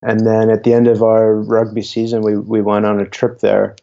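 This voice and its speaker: A young man, a guest chatting casually and halting with frequent restarts. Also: fairly low pitch, monotone, creaky, warm tone. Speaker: guest, YouTuber. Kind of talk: casual interview talk. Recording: dull lo-fi audio.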